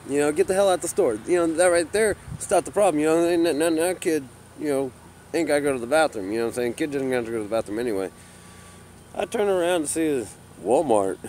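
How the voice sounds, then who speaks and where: A man's voice: medium pitch, slight background noise. Rambling, profane man vlogging. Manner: rambling and profane, constant "you know" fillers; gets loud and heated telling a story. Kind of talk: rambling casual monologue to camera.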